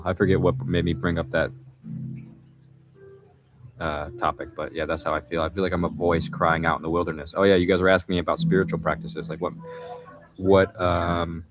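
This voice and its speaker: A young man hosting a livestream, telling a rambling story in casual chat, often breaking off mid-sentence. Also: sits low. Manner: rambling, self-interrupting storytelling. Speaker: livestream host.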